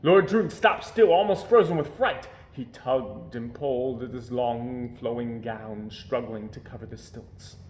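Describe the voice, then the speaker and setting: A man reading a children's storybook aloud with expressive storytelling, at home. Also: mid-range voice, a little slow, few pauses, reverberant. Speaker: storybook reader. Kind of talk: children's book read-aloud. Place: home during quarantine.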